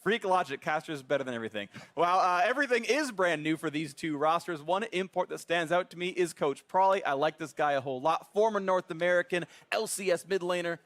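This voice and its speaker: Fast-talking energetic male esports caster. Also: fairly high pitch. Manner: energetic, joking hype. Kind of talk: live esports commentary.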